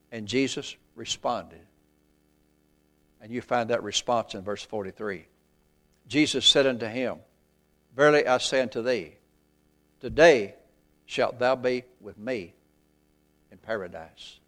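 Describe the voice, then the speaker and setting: A man preaching a sermon, reading scripture aloud, rising loud and slow for emphasis, then falling very low and soft. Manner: reads scripture in old-fashioned phrasing.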